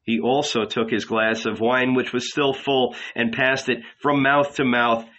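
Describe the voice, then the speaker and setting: A man narrating an audiobook in a measured, dramatic way. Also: medium pitch, fairly even intonation, fairly bright tone, dull audio.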